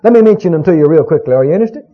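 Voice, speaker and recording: A man's voice: a little high, lively intonation, racing. A man preaching a sermon, emphatic and full of rhetorical questions to his congregation. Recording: dull lo-fi recording.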